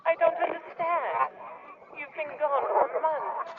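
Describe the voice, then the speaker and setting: A woman's voice: high-pitched, lively intonation, takes it slowly. An actress voicing a fragile young woman who speaks through an intercom speaker in a video game. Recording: tinny intercom line with crowd noise.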